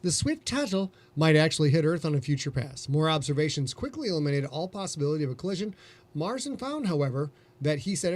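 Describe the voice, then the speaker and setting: Man, podcast co-host, joking, irreverent, a bit high-pitched. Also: very animated, fast talker. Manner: joking, irreverent, reads science notes. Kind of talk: casual chat.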